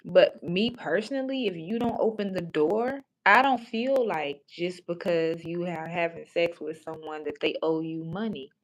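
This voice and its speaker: A woman's voice: on the low side, unhurried, few pauses, slight background noise. A woman hosting a livestream in casual chat, talking bluntly and profanely, rambling with many restarts. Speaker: livestream host.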